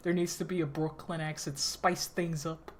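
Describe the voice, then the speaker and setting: A woman streamer chatting casually and reacting excitedly while she listens along. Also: sits low, normal speed, slightly rough. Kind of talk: casual live-stream chat.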